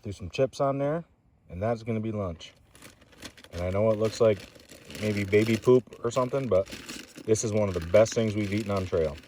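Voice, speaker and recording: A man's voice: lowish voice, normal speed, dark tone, a little hiss or hum. A man telling casual, folksy stories while hiking outdoors, a little out of breath from climbing. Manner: chatty, loose and folksy, swears casually. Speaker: thru-hiker vlogger.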